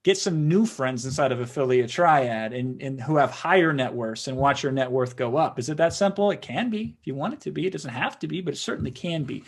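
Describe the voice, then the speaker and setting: A man's voice: mid-range voice, lively intonation, a little fast, few pauses. A middle-aged man hosting a sales webinar, talking conversationally and often tagging sentences with "right?". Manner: conversational, frequent "right?" tag questions. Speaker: webinar host and marketing consultant.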